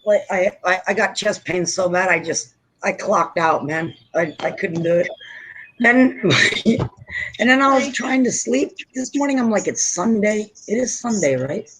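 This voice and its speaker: A woman hosting a casual late-night podcast chat. Her voice has a faintly husky edge, and she tells stories loosely, with frequent laughter and cursing. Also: mid-range voice, a little slow, fairly bright tone, rough recording. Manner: profane, laughing storyteller. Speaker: podcast host.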